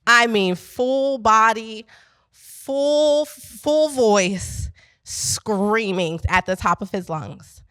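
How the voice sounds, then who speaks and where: A middle-aged woman from Pennsylvania, a business founder, telling a lively story to a live audience and talking straight to the crowd. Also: medium pitch, slow, clear, resonant tone, no echo. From Pennsylvania, USA. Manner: animated, chatty, addresses the crowd directly. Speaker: business founder speaking at an event. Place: event space at a coworking venue.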